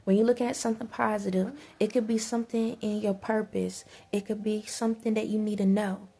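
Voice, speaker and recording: Woman vlogger, flat delivery, gravelly texture, urgent and repetitive spiritual pep talk. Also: mid-range voice, a little fast. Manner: emphatic, repetitive urging, stumbles and restarts. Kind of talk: preachy spiritual advice monologue.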